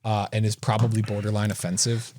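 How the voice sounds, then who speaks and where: A man's voice: lowish voice, little pitch movement, fast talker, darkish tone. A man co-hosting a movie podcast in casual chat, chatty and self-deprecating. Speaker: podcast co-host.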